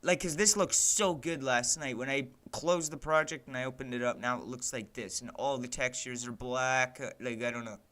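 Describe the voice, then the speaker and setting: A man's voice: mid-range voice, moderate pace, few pauses. A young man streaming his game development, chatting casually and ranting with plenty of swearing and "like" as he fights his tools. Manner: exasperated, swears a lot, rants at his software; fillers "like" and "man" throughout. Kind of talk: casual livestream commentary while working.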